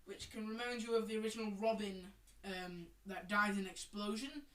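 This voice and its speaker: A woman co-hosting a podcast in chaotic casual chat, rambling and giggly with loud silly outbursts. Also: medium pitch, brisk. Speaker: podcast co-host. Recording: echoey room, distant mic, faint noise.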